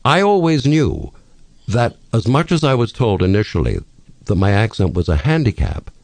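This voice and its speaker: A man's voice: mid-range voice, normal speed, no echo. An older man from England with a British accent, telling witty stories as a radio guest in a studio. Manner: storytelling, witty, expressive. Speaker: radio talk host, guest. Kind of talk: radio interview.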